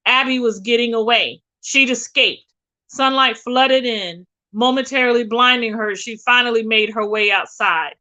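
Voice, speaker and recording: A woman reading a novel aloud with expressive, dramatic storytelling. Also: a little high, normal speed, highs cut off. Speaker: reader.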